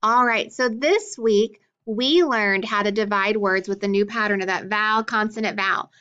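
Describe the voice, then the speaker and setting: A woman's voice: mid-range voice, moderate pace, pushed and bright, clear, resonant tone. A woman teaching a phonics lesson to young children, patient and encouraging as she walks through letters and sounds. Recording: dull lo-fi recording.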